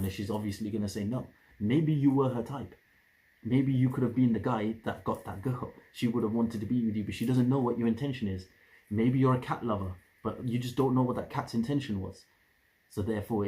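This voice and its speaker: A man's voice: lowish voice, fairly even intonation, fairly quick, mellow, poor audio. A young man giving casual dating advice in a rambling way, often restarting and repeating his phrases.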